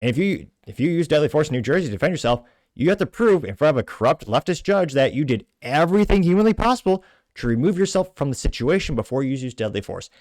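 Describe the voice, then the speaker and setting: A man's voice: fairly high pitch, sing-song, fast, a little mellow, dry recording. Ranting man, dry close sound. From Texas. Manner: indignant, ranting. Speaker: commentator host. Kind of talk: political commentary.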